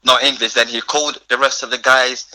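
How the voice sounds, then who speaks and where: Bright-voiced young man telling his story. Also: medium pitch, fairly quick, low-quality recording. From Africa. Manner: animated, acts out quoted dialogue, frequent laughs. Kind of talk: casual storytelling in conversation.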